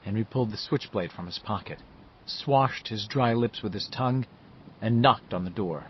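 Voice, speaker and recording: A man reading a novel aloud as scripted narration, telling the story in a measured, lively way. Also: lowish voice, muffled recording, slight background noise. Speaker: audiobook narrator.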